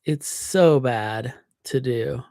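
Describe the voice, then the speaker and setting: A woman's voice: very deep voice, extremely slow, warm tone, no room sound, clean studio sound. A woman chatting casually on a livestream, venting and swearing freely into her computer microphone.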